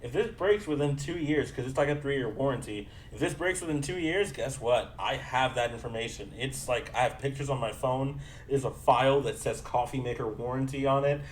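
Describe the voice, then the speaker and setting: A man's voice: mid-range voice, brisk, hardly any pauses, slight background noise. A young man co-hosting a podcast, telling a long, rambling story in casual chat, swearing freely and acting out both sides of a conversation. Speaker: podcast co-host.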